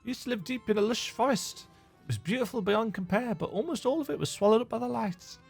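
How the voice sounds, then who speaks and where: A man's voice: sits high, animated, fast, gravelly, a little mellow, breathy edge, soft background music, voice pushed up, full character voice. A man voicing a mischievous, fun-loving pixie fairy in a video game, reading its lines aloud in a sing-song, teasing way with an attempted Scottish lilt. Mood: wistful.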